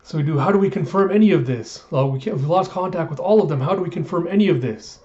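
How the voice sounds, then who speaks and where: A man's voice: fairly high pitch, quick pace, dark tone, muffled recording. Man casually recapping a comic chapter. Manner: loose retelling with asides. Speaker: manga reviewer.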